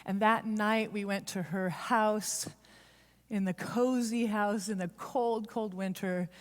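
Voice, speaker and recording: A woman giving a heartfelt, confessional storytelling sermon at church, speeding up and slowing down for emphasis. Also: medium pitch, steady tone. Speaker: church speaker. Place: church sanctuary. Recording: long reverb of a large hall.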